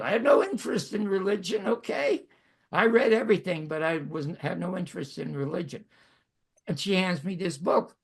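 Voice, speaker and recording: An elderly man in his nineties from Canada tells long stories about his own life in a wry, self-mocking way. His voice is gravelly and husky, set a little higher than most men's. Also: expressive, normal speed. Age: 90s. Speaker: host. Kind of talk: storytelling monologue.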